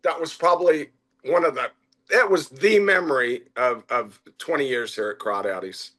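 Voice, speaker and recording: Bright-voiced middle-aged male restaurant owner. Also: medium pitch, moderate pace. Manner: animated anecdotes with acted-out quotes and frequent fillers. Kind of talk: conversational interview storytelling.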